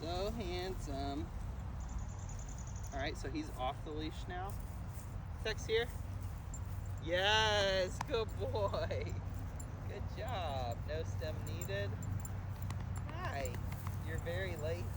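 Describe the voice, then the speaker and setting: A man working as a dog trainer, talking casually through a training walk outdoors on a trail and breaking into high sing-song praise for the dog. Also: very slow, pauses often, background noise. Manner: laid-back, chatty, laughs often. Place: outdoors on a wooded trail near a creek.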